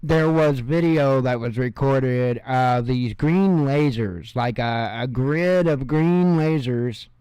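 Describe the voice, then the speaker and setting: Male news host: slow, rambling, sarcastic, smooth voice, dry close sound. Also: mid-range voice, mellow, dry recording. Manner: rambling and sarcastic, with mocking asides. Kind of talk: casual news commentary.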